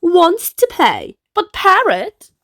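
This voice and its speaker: A woman reading picture books aloud to children in an animated, sing-song way. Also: very high voice, slow pace, dry recording, studio quality. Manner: animated, sing-song, playful sound effects. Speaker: storyteller. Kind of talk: picture-book read-aloud for kids.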